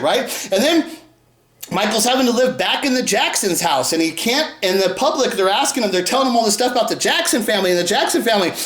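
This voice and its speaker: A host talking in a loose, swearing monologue, piling up rhetorical questions. The voice swings widely up and down in pitch, from mid-range to high. It sounds roomy, with echo off the walls. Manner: rambling, profane, rhetorical questions. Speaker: show host. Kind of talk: casual profane monologue.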